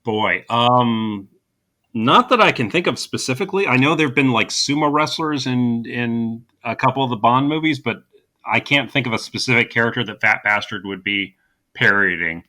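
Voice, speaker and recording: Bright-voiced man recapping a movie. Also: mid-range voice, normal speed. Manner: dry sarcastic humor with frequent fillers and restarts. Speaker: podcast co-host. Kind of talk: casual podcast movie recap.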